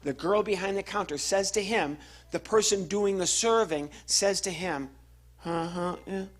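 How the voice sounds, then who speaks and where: A man's voice: high-pitched, normal speed. A man doing a stand-up comedy routine, telling a story on stage and acting out the voices of its people. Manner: animated storytelling with acted-out voices. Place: live venue with laughing audience.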